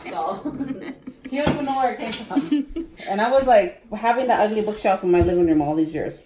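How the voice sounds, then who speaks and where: A home cook filming herself in her kitchen talks at normal speed in a warm, mid-range voice, a chatty storyteller who laughs easily. Kitchen noise fills the background of the recording.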